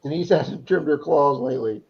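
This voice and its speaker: A man's voice: on the high side, normal speed, vocal fry. A man co-hosting a casual chat, rambling through stories with restarts and repeats. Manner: rambling talker who restarts and repeats himself. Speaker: co-host. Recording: slightly dull lo-fi sound.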